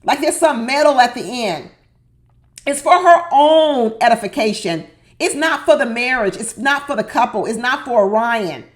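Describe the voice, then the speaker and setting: Woman, high voice, sassy exasperated recap host who repeats herself for emphasis. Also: animated, moderate pace. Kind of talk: opinionated reality TV commentary.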